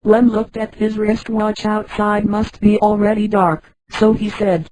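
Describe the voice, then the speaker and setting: A text-to-speech woman's voice narrating a story in a flat delivery, reading punctuation marks aloud. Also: medium pitch, measured pace, few pauses, no echo, rough recording.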